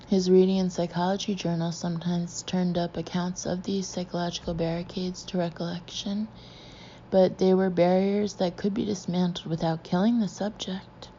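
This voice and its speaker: A woman reading a suspense novel aloud in a low, mellow, measured voice. The recording is dull and lo-fi, with a faint hiss underneath. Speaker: audiobook narrator. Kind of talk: scripted narration.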